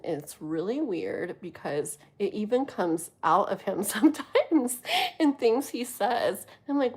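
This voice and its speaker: A woman in her thirties from the US West Coast, chatting casually on a live stream as a tarot reader, giggling often and easily sidetracked, sometimes dropping to a hushed voice. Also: mid-range voice, sing-song, measured pace, husky. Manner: drops to a hushed voice at times. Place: home with thin walls.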